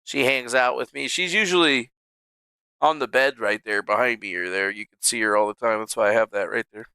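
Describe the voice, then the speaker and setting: Give me a man chatting loosely on a home livestream, swearing and joking in a bright, dry voice. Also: mid-range voice, brisk, clean tone, no echo. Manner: rambling, profane, joking. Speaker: livestream host. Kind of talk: casual livestream chat. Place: home streaming setup.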